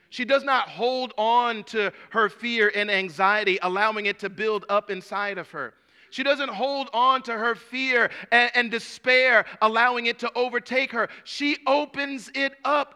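Bright, high-voiced male preacher. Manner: conversational, humorous, repeats words and restarts, addresses listeners by name. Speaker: pastor. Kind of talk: sermon.

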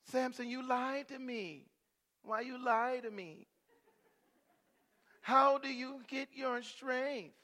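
A preacher putting on a nagging temptress. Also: male voice, extremely high pitch, steady tone, slow, pauses often, sharp tone, pitched above the performer's own voice, exaggerated voice. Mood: coaxing. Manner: nagging, wheedling, reproachful. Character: pleading, scolding young woman temptress.

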